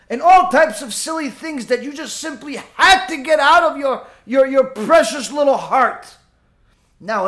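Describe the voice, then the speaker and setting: A man preaching as a rabbi, telling a story and admonishing listeners in an animated way. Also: extremely high pitch. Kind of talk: sermon with storytelling.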